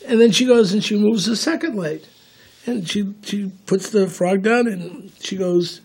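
High-voiced older man discussing politics. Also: normal speed, background noise. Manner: rambling, repeats words, tells anecdotes. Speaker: political commentator.

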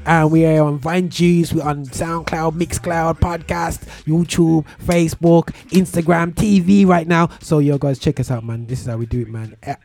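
A man's voice: fairly high pitch, fairly even intonation, moderate pace, creaky, hardly any pauses, a little mellow, no room sound. A man hosting a gospel radio show, chatting casually in heavy slang, laughing often and slipping into preachy asides.

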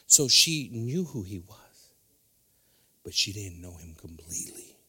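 A middle-aged man preaching a sermon in church, animated and switching between English and Spanish, acting out dialogue as he goes. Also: fairly low pitch, a little slow, slightly rough. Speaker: pastor. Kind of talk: bilingual sermon. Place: church sanctuary.

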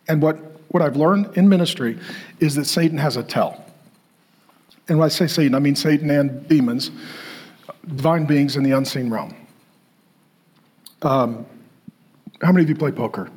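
A man's voice: fairly high pitch, slightly rough. A man preaching a sermon to a congregation, telling a story and acting out the people in it. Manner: animated, acts out quoted voices. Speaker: pastor.

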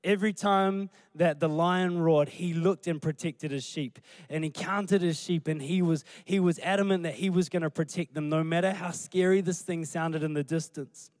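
A man, a pastor preaching a sermon through animated storytelling. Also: fairly high pitch, normal speed, hardly any pauses, no room sound. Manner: animated storytelling, acting out scenes.

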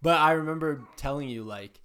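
A man's voice: fairly high pitch, brisk, a bit bright, clear, resonant tone. A man hosting a podcast, telling rambling, self-mocking stories in a casual chat.

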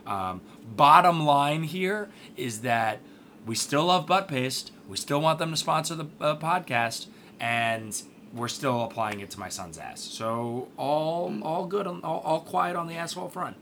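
A man's voice: fairly high pitch, animated, measured pace, fairly bright tone, slight background noise. Wry, profane male podcast co-host. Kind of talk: casual podcast banter.

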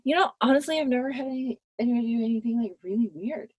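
A woman's voice: on the high side, racing, a little mellow, husky, no echo, highs cut off. A woman podcast co-host chatting casually, with an easygoing, laid-back manner. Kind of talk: casual chat.

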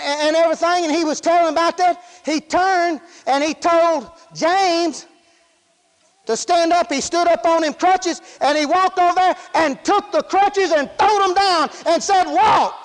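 A man's voice: very high voice, moderate pace. A man preaching a sermon in a folksy, repetitive style, with frequent praise interjections. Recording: hall with long reverb.

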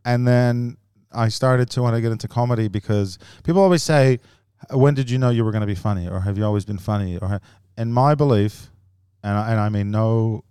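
A man's voice: lowish voice, brisk, hardly any pauses, warm tone, clear, resonant tone, no room sound, clean studio sound. A man telling rambling personal stories in casual podcast chat, laughing often as he goes. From grew up in the US and Australia. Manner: rambling storytelling with frequent laughs. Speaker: comedian guest.

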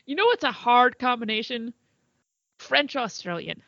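A woman's voice: fairly high pitch, sing-song, normal speed, creaky, a bit bright, dry recording, dull audio. Chatty woman podcaster, dry close sound. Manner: chatty, swears freely, trails off. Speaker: podcast co-host. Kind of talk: casual chat.

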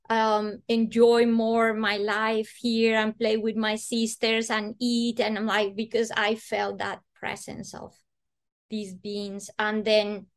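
Earnest woman guest, animated storytelling, slightly high voice. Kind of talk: personal storytelling in conversation.

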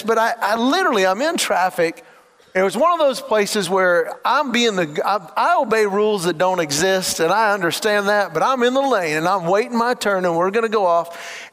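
A male pastor with a high voice preaches a sermon in a reverberant hall. He tells stories in an animated way, acting out the voices of the people he quotes.

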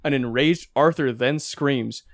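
A man in casual podcast conversation about a film, with a middle-pitched voice. He races through plot retellings and bursts into quoted lines from the scenes. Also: a little slow. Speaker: podcast co-host. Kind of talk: casual movie review chat.

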